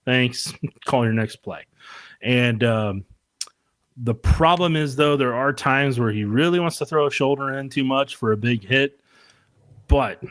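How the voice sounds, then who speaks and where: A man's voice: medium pitch, fairly bright tone, no room sound. A man co-hosting a casual sports podcast, talking loosely and laughing often between points. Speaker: podcast co-host.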